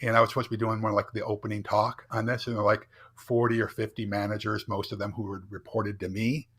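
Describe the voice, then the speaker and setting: A man's voice: lowish voice, flat delivery, quick pace, fairly bright tone, husky. A middle-aged man, a business founder and keynote speaker, telling a candid personal story in a podcast interview, checking in often with a rhetorical "right?". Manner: earnest, builds up with rhetorical "right?".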